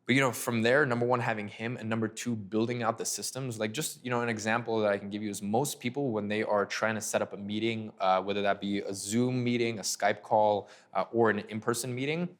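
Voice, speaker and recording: Young man, low voice, animated storyteller. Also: brisk, hardly any pauses. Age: young adult. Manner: animated, filler-heavy, acts out dialogue. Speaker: agency owner guest. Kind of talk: casual interview storytelling.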